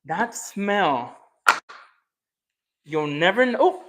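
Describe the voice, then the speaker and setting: A man chatting casually while he cooks on camera, thinking out loud and teasing his viewers. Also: high voice, very animated, drawn-out words, very noisy. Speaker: cooking and eating vlogger. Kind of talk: casual chat while cooking.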